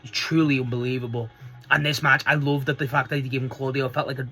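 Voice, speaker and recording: A man giving a casual, rambling solo review, excitable and swearing freely. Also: mid-range voice, fast, soft background music. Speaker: wrestling show reviewer.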